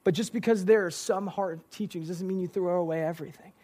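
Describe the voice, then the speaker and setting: A man's voice: high voice, fairly quick. A young man preaching a casual youth sermon, telling stories with lots of filler words. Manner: lively storytelling with filler words. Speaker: youth pastor.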